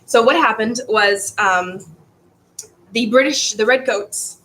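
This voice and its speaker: A woman's voice: a little high, slow, bright, forceful tone, rough recording. A woman teaching a history class in a casual, rambling way, stumbling over words and restarting.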